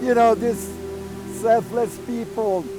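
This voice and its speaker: A middle-aged man speaks in a high voice, earnestly and haltingly recounting events. Music plays clearly beneath his documentary interview. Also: steady tone, rough recording. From Iran.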